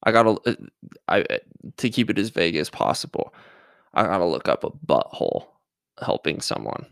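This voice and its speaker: A young man hosts a solo podcast in a low, gravelly voice, rambling and hesitant with lots of restarts. His pitch swings widely as he slips in self-mocking jokes and sounds a little nervous. The sound is dry and close. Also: sing-song, moderate pace, a bit bright, no room sound. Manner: self-mocking jokey asides. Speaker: podcast host. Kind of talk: casual solo podcast monologue.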